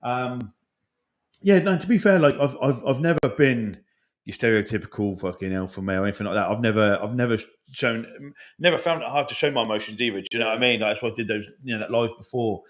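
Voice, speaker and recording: A man's voice: medium pitch, fast talker. A man in his forties, an army veteran, talking openly and emotionally in a casual podcast chat, swearing often and rambling. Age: 40s.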